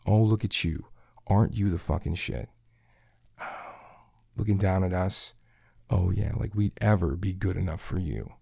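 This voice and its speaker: A man playing a domineering, crude male kitchen coworker in an adult audio role-play, taunting and commanding in a husky voice with breathy asides. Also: fairly low pitch, dark tone, dry recording, studio quality, full character voice.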